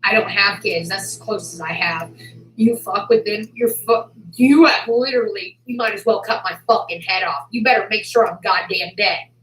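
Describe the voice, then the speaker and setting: A woman on a livestream, furious and profane, who swings between shouting and a low, seething voice. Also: normal speed, reverberant, rough recording. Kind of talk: angry livestream rant.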